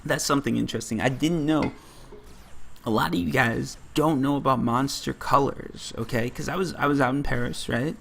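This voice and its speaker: A man's voice: medium pitch, moderate pace, gravelly, a bit bright, slight background noise. A man from the United States giving rambling gameplay commentary, often breaking off mid-story and leaning on "like.". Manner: rambling, self-interrupting, lots of "like". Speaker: gaming channel host.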